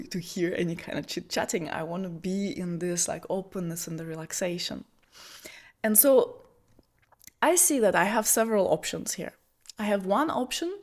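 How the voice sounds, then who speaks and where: A woman telling a personal story as a spiritual teacher, shifting between soft breathy asides and bright, emphatic bursts over a video call. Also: lowish voice. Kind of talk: personal storytelling talk on feminine energy.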